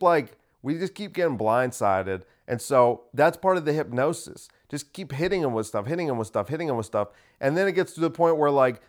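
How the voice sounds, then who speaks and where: A man hosting a casual solo podcast, ranting sarcastically and swearing freely. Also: a little high. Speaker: podcast host.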